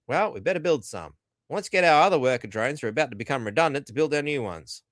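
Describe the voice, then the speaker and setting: A man's voice: medium pitch, animated, quick pace, no echo, clean studio sound. An Australian man hosting a podcast, delivering a rambling, profane, sardonic rant. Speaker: podcast host. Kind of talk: ranting commentary.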